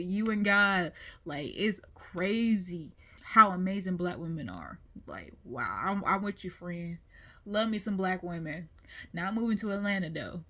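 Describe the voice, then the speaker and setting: Chatty woman reacting to clips, bright voice, all over the place in pitch. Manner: chatty, expressive, laughs often. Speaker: reaction video host. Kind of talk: casual reaction commentary.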